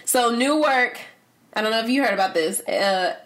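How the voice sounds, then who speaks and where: A woman's voice: a little high, moderate pace. Chatty woman cohost. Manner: animated, laughs often, trails off and repeats words. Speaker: podcast co-host. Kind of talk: casual chat, reading news.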